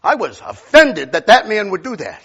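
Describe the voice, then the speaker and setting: A male pastor preaching a sermon, telling stories and swinging from loud outbursts to near whispers. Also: high-pitched, sing-song, moderate pace, slightly rough.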